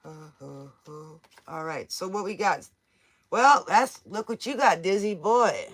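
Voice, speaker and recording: High-voiced man reading tarot live. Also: animated, measured pace, a bit bright. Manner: jokey, teasing, laughs often; answers viewers' questions from chat. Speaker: tarot reader. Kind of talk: casual live-stream chat.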